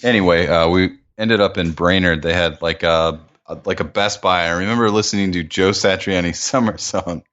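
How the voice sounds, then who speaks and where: Low-voiced man on a dull lo-fi mic. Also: moderate pace, hardly any pauses, fairly bright tone. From Minnesota. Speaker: podcast co-host. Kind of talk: casual chat.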